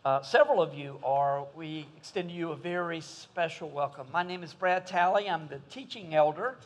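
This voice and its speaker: Casting: male pastor, friendly and conversational from the pulpit, slightly higher voice. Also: moderate pace. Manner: folksy, conversational. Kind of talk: sermon.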